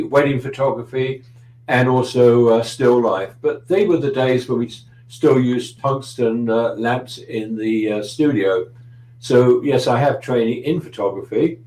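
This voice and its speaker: This middle-aged Londoner, a guest photographer, chats in a relaxed interview, anecdotal and dryly humorous, with frequent hesitations, in a London accent. His medium-pitched, darkish voice is unhurried. The sound is roomy and the audio poor.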